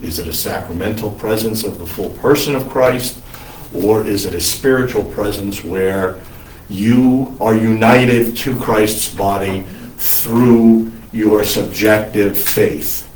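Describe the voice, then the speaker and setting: A man's voice: lowish voice, steady tone, darkish tone. Male priest lecturer, unscripted, stop-start phrasing, echoey room, faint background hum. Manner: unscripted, halting with restarts and asides. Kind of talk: recorded lecture. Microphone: single mic, speaker sometimes covers it. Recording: roomy echo, mic at a distance.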